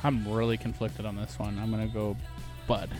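Blunt swearing podcast co-host. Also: male voice, fairly low pitch, level tone, moderate pace, over music. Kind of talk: casual podcast chat.

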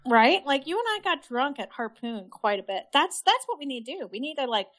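A woman's voice: sits high, very animated, a little fast, a bit bright. A woman co-hosting a podcast in casual chat, laid-back and enthusiastic, swearing freely. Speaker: podcast co-host.

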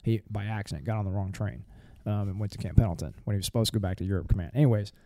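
A middle-aged man rattles through blunt, profane stories at a quick clip. His voice is dark and gravelly, with a rough fry. The sound is dry and close, like a studio podcast mic. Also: lowish voice, no echo. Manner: blunt, profane, rambling with restarts. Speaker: firearms instructor and former Marine. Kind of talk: casual podcast storytelling.

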